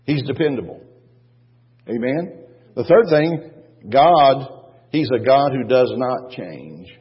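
Husky-voiced man preaching in a reverberant hall. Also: medium pitch, expressive, slow. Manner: emphatic preaching with repetition and rhetorical questions. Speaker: pastor. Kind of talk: sermon. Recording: dull, long church-hall reverb.

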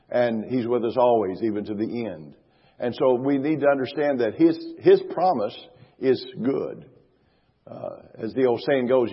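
Middle-aged male pastor, husky, preaching emphatically in a big reverberant church hall. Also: mid-range voice. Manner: emphatic preaching, slows and stresses scripture, repeats phrases. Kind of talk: sermon. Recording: reverberant hall, dull lo-fi sound.

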